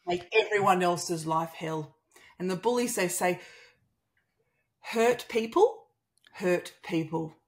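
A woman's voice: fairly low pitch, measured pace. A woman in her thirties with an Australian accent, a guest telling a personal story in conversation and acting out the dialogue. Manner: animated, acts out quoted dialogue.

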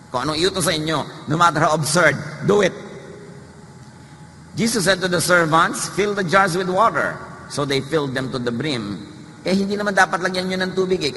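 A man's voice: a little high, bright, forceful tone. A man with a Filipino accent preaching a sermon, conversational and humorous, moving between English and Tagalog. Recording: echoey hall, faint noise.

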